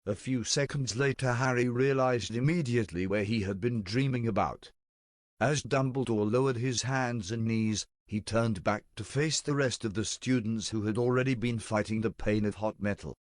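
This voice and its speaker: A man narrating a storybook-style tale in a steady, deadpan reading voice, close to the mic. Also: medium pitch, normal speed, dry recording.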